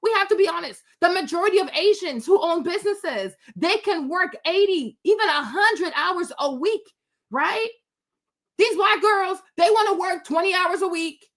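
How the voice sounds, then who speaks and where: Blunt high-voiced woman ranting casually. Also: moderate pace. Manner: blunt, animated, many fillers and repeats. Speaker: commentator on a live stream. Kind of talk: casual opinion rant, replying to chat.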